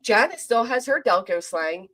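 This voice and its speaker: A woman with a South Jersey accent hosting a casual livestream, chatting with viewers and reading comments in a fast, clipped, profane, teasing way. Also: on the high side, lively intonation, a bit bright. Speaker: livestream host.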